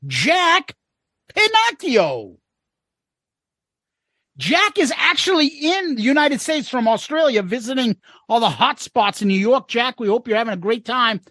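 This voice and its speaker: A man's voice: very high-pitched, moderate pace, bright, forceful tone, no room sound. A man co-hosting a casual podcast, reading listener comments aloud with wry asides.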